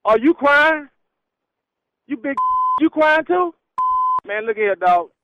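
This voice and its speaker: A man's voice: very high-pitched, lively intonation, takes it slowly, no room sound. Dismissive man on a muffled phone line. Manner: dismissive, laughing, swearing. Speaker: prank call target. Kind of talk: phone call argument.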